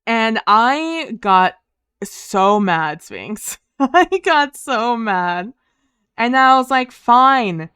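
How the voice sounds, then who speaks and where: A woman chatting casually on a livestream, her voice smooth and clear. The sound is dry and close, with no room around it. She swears freely, speaks in quick, heated bursts and leans on "um" and "like". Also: on the high side, big pitch swings, a bit bright, no room sound. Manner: frequent fillers like "um" and "like". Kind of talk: casual storytelling to a live chat.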